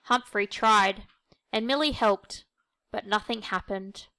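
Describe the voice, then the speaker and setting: A woman reading a children's picture book aloud in a gentle, expressive way. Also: medium pitch, slow pace. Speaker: storyteller.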